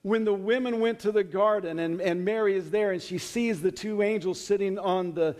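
A man's voice: high voice, moderate pace, a little mellow, long reverb tail. A man teaching a sermon, retelling scripture in an earnest, conversational way with frequent restarts. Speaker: Bible teacher.

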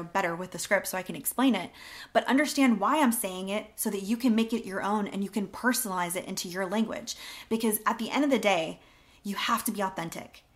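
A woman in her thirties coaching real estate agents in a casual, chatty teaching style, acting out door-knocking lines as she goes. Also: medium pitch.

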